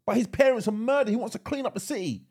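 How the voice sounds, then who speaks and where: A man's voice: very high-pitched, fast talker, slightly rough. A man co-hosting a podcast, casually retelling a film scene in a rambling, laughing way. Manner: rambling storyteller, animated and laughing. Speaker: podcast co-host. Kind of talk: casual chat.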